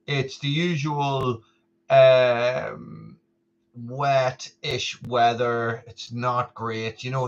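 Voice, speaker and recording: A man's voice: mid-range voice, a bit bright. Guy rambling on his live stream, saying hi to viewers, dull lo-fi audio. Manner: rambling, chatty, greets viewers by name. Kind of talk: casual live stream chat.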